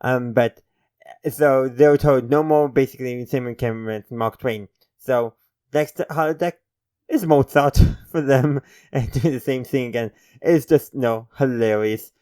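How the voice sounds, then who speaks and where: A man with a smooth, clear voice talks through an episode review in a loose, meandering way, correcting himself and chuckling as he goes. His voice sits at an ordinary middle pitch. The sound is close and dry, with no room echo. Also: measured pace, darkish tone. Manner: rambling, self-correcting, chuckling; friendly sign-off to viewers. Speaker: TV episode reviewer, channel host. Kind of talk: casual spoken review.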